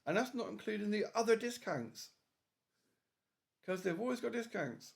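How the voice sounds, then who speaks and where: Playful sing-song English man, gravelly. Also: high-pitched, animated, normal speed. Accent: British English. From England. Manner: jokingly slips into a silly put-on accent. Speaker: vlogger. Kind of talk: casual rambling monologue.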